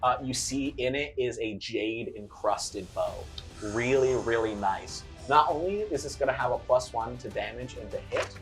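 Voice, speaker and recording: A woman narrating a tabletop game as game master, lively and often laughing. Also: very deep voice.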